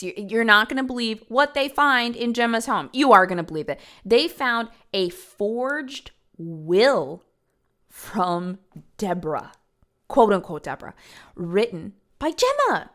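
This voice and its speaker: A woman's voice: a little high, fairly bright tone. A young adult woman hosting a podcast, telling a true-crime story casually and emphatically, swearing now and then. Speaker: podcast host.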